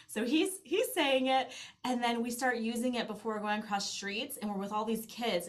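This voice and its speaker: Woman, 30s-40s, podcast guest; lively anecdotal storyteller, conversational, says "like" a lot. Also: mid-range voice. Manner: animated storytelling with acted-out quoted asides, filler "like". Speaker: guest, mother who travels with her kids. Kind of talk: casual interview conversation.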